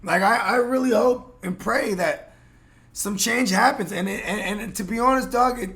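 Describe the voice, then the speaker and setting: A podcast host from San Jose, California, has a high, gravelly, fairly bright voice at a moderate pace. He rambles through casual chat in a heated, profane way, full of fillers and restarts.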